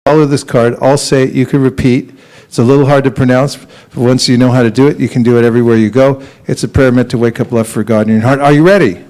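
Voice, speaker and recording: A man giving a relaxed sermon at a temple, telling stories with laughs and acting out quotes, sometimes chanting a mantra slowly. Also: medium pitch. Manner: storytelling with laughs and acted quotes. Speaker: temple teacher.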